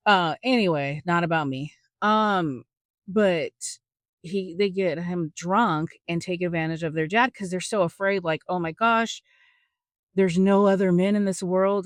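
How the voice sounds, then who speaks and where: A woman hosting a podcast, teaching a Bible story in a chatty, animated way with joking asides to her listeners. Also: on the low side, no echo, clean studio sound. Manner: chatty and animated, acts out quotes with big voice swings. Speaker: podcast host.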